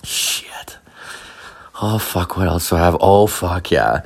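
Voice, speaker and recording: Low, creaky and slightly rough, this man's voice stays animated even as he talks slowly. He hosts a podcast, rambling through casual stories with profanity and constant fillers like "like."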